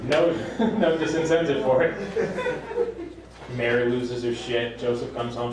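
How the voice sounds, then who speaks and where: A man performing a stand-up comedy set on stage, with a deadpan delivery that jumps into high squeaky voices when he quotes people. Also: unhurried, slight background noise. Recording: live club recording from a distance, echoing room, crowd laughter. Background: audience laughter.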